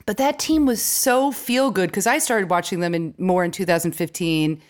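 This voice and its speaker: A woman stand-up comedian chatting as a podcast guest, telling stories with quick asides and laughs. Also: on the low side. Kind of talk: casual podcast chat.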